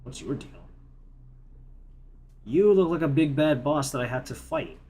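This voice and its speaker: A man's voice: a little high, expressive, unhurried, mellow, a little hiss or hum. A man from Canada giving chatty, self-mocking commentary as he plays a video game. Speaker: streamer. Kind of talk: casual gameplay commentary. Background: faint game music.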